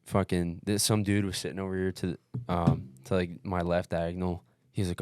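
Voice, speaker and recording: A young man with a very low voice tells a story in loose, profane podcast chat. He is animated and calls everyone "dude". The sound is dry and close. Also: moderate pace, no echo. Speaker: podcast guest recounting an ultramarathon.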